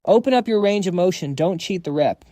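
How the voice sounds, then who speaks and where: A man's voice: high-pitched, animated, a little fast, warm tone, no room sound, clean studio sound, pitched above the performer's own voice. A man reading as a sassy young female coach. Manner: sassy and teasing.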